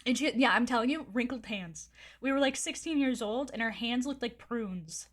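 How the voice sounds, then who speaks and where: A woman's voice: fairly high pitch, moderate pace, a bit bright. Gossipy, swearing woman streamer. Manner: candid, gossipy storytelling with frequent swearing; rambling with fillers and laughs. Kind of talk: casual chat.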